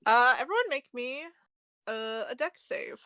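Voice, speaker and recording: A woman's voice: on the high side, expressive, measured pace, pushed and bright, clear, resonant tone, no room sound. A woman narrating as dungeon master in a casual tabletop game stream, loose and full of fillers. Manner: loose, filler-heavy narration with frequent laughs.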